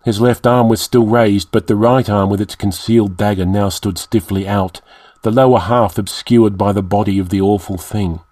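A man reads a dark fantasy story in a measured, dramatic storytelling voice. His voice sits on the lower side. The recording is close and dry, with no room around it. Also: fairly even intonation, no room sound. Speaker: narrator. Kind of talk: audiobook narration.

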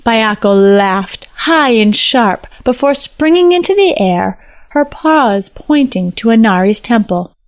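A woman narrating a fantasy story in a measured storytelling manner. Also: a little high, animated, dry recording.

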